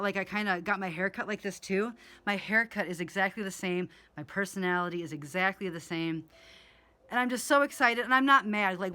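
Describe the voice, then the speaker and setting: A woman's voice: mid-range voice, sharp tone. A woman in her forties telling a rambling story in a casual, profane way, with many fillers.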